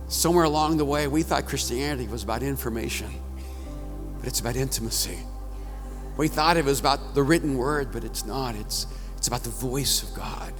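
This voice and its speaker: Dramatic preacher in a big echoing hall. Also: male voice, mid-range voice. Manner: dramatic, conversational preaching that swings between loud and hushed. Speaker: pastor. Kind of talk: storytelling sermon. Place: large church auditorium at a conference. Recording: reverberant hall, faint music.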